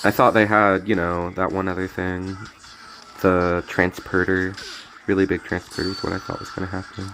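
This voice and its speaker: A man's voice: low voice, level tone, moderate pace, noisy background. A young man streaming a card game, talking in a laid-back, jokey way and often mumbling his asides. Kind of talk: casual gameplay commentary. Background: faint music.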